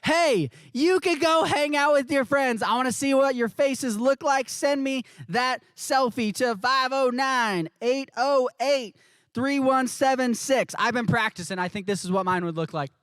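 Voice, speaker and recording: An upbeat man hosts a youth live stream, talking straight to his viewers in a casual way. His voice sits high and sounds smooth and resonant, recorded dry and close. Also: measured pace, fairly bright tone, dry recording. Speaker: youth ministry host.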